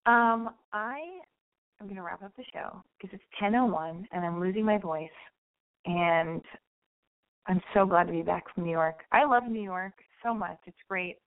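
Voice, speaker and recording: A woman's voice: mid-range voice, a little slow. A young adult woman hosting a call-in advice radio show, talking candidly and rambling with profanity. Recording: phone-like narrow band.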